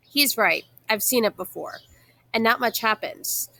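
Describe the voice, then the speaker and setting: A woman reading a children's novel aloud in a steady narrating manner, with casual asides between chapters. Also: fairly high pitch, measured pace, creaky, no room sound.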